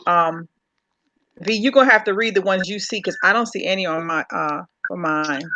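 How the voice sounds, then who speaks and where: A woman's voice: lowish voice, normal speed, bright, forceful tone, slight background noise. A woman hosting a live stream talk show, chatting casually and stressing her points by repeating words. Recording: slightly dull lo-fi stream audio.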